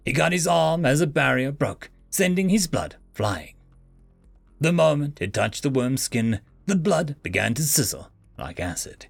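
A man narrating a fantasy story in an expressive storytelling manner. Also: on the high side, unhurried, vocal fry, breathy edge. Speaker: audiobook narrator. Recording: faint background music. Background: faint music.

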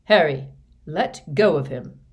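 A woman voicing a flustered middle-aged male official who talks loudly and fretfully, in a storybook reading. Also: deep voice, animated, a little fast, distant mic. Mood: alarmed. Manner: loud and fretful.

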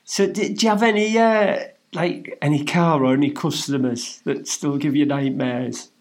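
A man's voice: a little high, moderate pace. A man hosting a casual interview, mostly giving short replies and asking questions. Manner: brief encouraging replies. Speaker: host interviewer.

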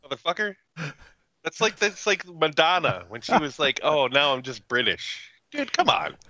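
A man co-hosting a casual podcast chat, ranting in a profane, animated way. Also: fairly high pitch, normal speed, no echo. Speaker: podcast co-host.

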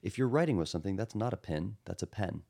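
A man in his thirties from Texas, a guest in a relaxed podcast conversation, reflective and self-deprecating, talking in a house. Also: sits low, creaky, slightly rough. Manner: reflective, self-deprecating, quick to mimic voices. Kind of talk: casual chat. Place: room in a house.

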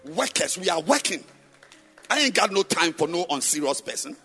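A pastor with a high, bright voice preaches into a church microphone. He fires repeated questions at the congregation, his pitch leaping all over. He swings from loud sing-song chanting down to low murmurs. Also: very animated, normal speed, faint music behind. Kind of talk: sermon.

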